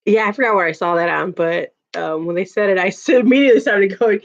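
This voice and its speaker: A woman's voice: mid-range voice, big pitch swings, measured pace, pauses often, muffled recording. A woman, chatting casually with her viewers, laughing often and using lots of filler words. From Chicago, USA. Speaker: livestream host. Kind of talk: casual chat reading viewer comments.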